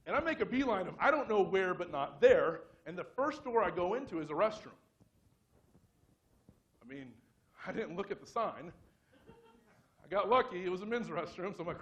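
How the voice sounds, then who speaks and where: A man's voice: a little high, expressive, fast, a bit bright, dull audio. A man giving a conference talk, telling a story casually with lots of fillers, restarts and self-mocking humor. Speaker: conference speaker.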